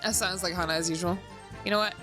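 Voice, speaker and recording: A woman's voice: lowish voice, steady tone, quick pace. A young adult woman chatting casually and swearing freely while streaming a game, over background music.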